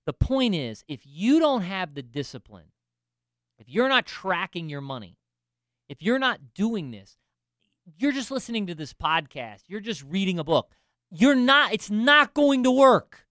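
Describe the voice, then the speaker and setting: A man co-hosting a money podcast in casual talk, slowing down and pressing hard on his points. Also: high voice, big pitch swings, fairly bright tone, no room sound, studio quality. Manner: emphatic, slows down to stress points. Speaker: podcast co-host.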